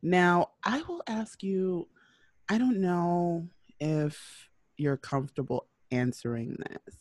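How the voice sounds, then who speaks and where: A woman hosting an interview, chatty and animated, acting out quotes as she talks. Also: fairly low pitch, slow, no room sound, studio quality. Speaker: host. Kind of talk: casual interview talk.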